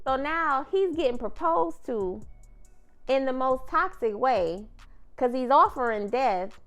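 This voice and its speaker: A woman's voice: sits high, animated, slow pace, a bit bright, faint music behind. A woman casually recapping a TV episode in a chatty, slangy way, often calling her viewer "girl". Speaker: TV recap vlogger.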